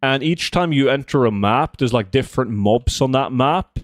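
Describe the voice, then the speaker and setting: A streamer in his twenties chats casually on a livestream, answering his chat as he plays. His ordinary mid-pitched voice is animated at a moderate pace, recorded dry and close to the mic with no echo.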